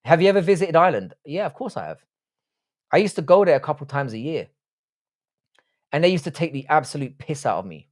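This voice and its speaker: A man's voice: a little high, sing-song, a little fast, pauses often. A young man hosting a casual livestream, reading the chat aloud and rambling with crude jokes. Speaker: livestream host.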